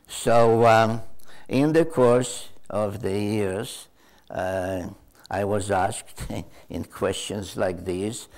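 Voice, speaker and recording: A man's voice: lowish voice, very slow, pauses often, darkish tone. An older male author giving an unscripted storytelling answer to a question, hesitant and full of uh fillers and repeated words.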